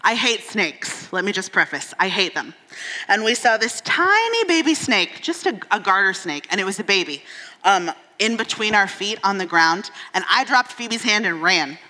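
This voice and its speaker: A woman's voice: medium pitch, very animated, normal speed, bright, forceful tone. Candid woman preaching in a reverberant church. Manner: candid, self-deprecating storytelling with humor. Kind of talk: sermon. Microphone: stage microphone.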